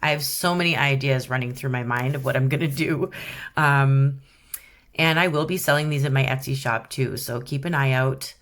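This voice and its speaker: Canadian woman, low voice, chatty and giggly, self-deprecating tutorial narration. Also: normal speed, a bit bright. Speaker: rock painting vlogger. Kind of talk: casual painting tutorial voice-over.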